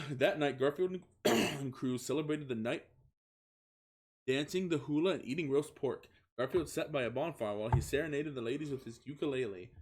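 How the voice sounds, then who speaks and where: A man's voice: medium pitch, normal speed, slightly rough. A young man streaming a comic reading of fan fiction, giggling, stumbling over words and swearing in asides.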